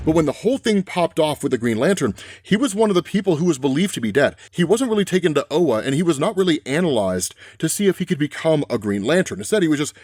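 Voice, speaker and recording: A man's voice: on the high side, sing-song, fast, hardly any pauses, a little mellow, no room sound, studio quality. A man giving a casual, conversational comic book recap and often tossing in rhetorical questions. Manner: conversational, frequent rhetorical "right?".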